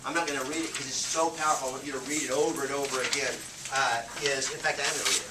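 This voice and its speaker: A man giving an energetic motivational training talk to a live audience, often checking in with "okay?". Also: mid-range voice, rapid-fire. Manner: energetic, punchy, keeps asking "okay?". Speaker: real estate sales trainer. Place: meeting room with a live audience. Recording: echoey, distant, noisy room recording.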